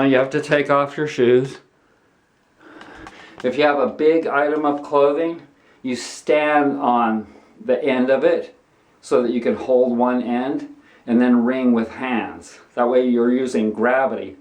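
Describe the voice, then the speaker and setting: Recorded off-mic in an echoey bathroom with water running, a medium-pitched man casually rambles and preaches as he shows how to wash clothes by hand in a tub. He restarts often in this laid-back how-to vlog.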